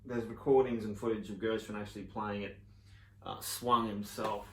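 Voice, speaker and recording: A man giving a relaxed piano lesson, explaining casually with fillers and sometimes singing rhythms in syllables. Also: fairly low pitch, normal speed, a little hiss or hum. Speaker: piano teacher. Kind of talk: relaxed spoken piano tutorial. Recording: roomy sound with loud piano. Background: piano playing.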